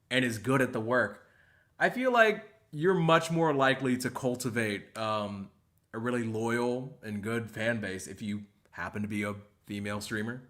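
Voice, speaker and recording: Bright-voiced man reacting on a live stream. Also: mid-range voice. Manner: animated, emphatic, reads out chat. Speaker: host reacting to a clip.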